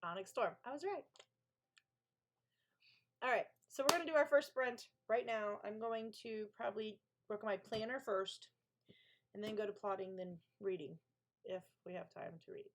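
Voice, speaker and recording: Woman streamer, casual chatty host, gushy, talks back to chat, average pitch. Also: moderate pace, pauses often, a little hiss or hum. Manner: gushing, chatty, answers chat aloud. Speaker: author hosting a co-working stream.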